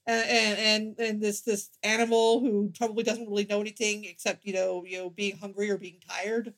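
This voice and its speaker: A woman's voice: mid-range voice, little pitch movement, moderate pace, fairly bright tone. A woman co-hosting a podcast in casual chat, often repeating words while gathering her thoughts. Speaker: podcast co-host.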